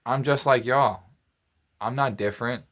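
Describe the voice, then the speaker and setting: A man's voice: mid-range voice, steady tone, measured pace, fairly bright tone. A man telling a story in a casual monologue, rambling, repeating phrases and restarting his sentences. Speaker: podcast host.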